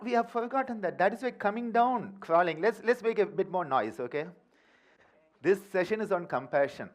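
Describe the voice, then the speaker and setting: A man with an Indian English accent teaches a yoga workshop group in a high, lively voice. He is playful and animated, often tossing a quick "huh?" to the room. His talk moves between stories and prompts to the group. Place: workshop hall.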